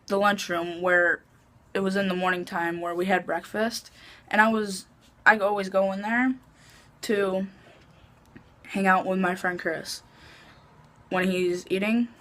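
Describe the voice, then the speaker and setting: A woman's voice: mid-range voice, a bit bright. A woman vlogger casually telling a personal story, chatty, full of "like" and swearing freely.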